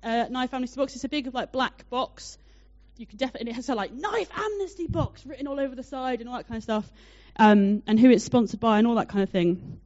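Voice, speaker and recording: A young woman preaching a sermon, telling a personal story in a chatty, animated way with many fillers. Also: fairly high pitch, fast talker, hardly any pauses. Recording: dull lo-fi sound.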